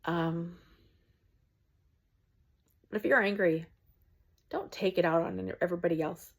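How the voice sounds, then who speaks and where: A woman's voice: on the low side, steady tone, measured pace. Earnest woman ranting to camera at home. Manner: earnest and preachy, with frequent ums. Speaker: small content creator. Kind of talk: casual rant to camera.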